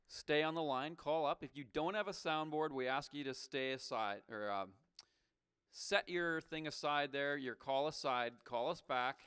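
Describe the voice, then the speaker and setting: A young man hosts a call-in show with a fairly high, smooth and resonant voice. He needles his caller with mock suspicion in loose, casual banter. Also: sharp tone.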